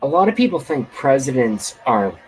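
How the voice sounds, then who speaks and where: A man's voice: mid-range voice, sing-song, normal speed, slightly rough. A man delivering a profane, rambling political rant, repeating himself for emphasis. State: hiccups. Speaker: political commentator. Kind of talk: ranting political monologue. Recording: outdoors, passing train nearby.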